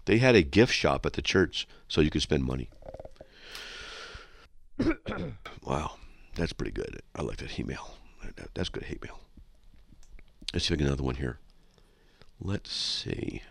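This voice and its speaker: Sarcastic radio guy answering mail, lowish voice, swings way up and down, dry studio mic. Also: huge pitch swings, a little slow, gravelly, pauses often, no room sound. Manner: sarcastic and mocking, with big swoops in pitch. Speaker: radio show host. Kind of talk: reading and answering listener mail on air.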